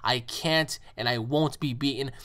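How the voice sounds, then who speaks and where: A man voicing an arrogant, vengeful male villain warrior, reading the boasts in a flat, casual way. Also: medium pitch, measured pace. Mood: boastful.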